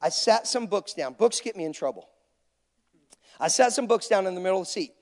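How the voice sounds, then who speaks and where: A man's voice: sits high, animated, brisk, a little mellow. A male preacher telling stories in a conversational, anecdotal sermon. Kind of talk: sermon storytelling. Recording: long reverb of a large hall.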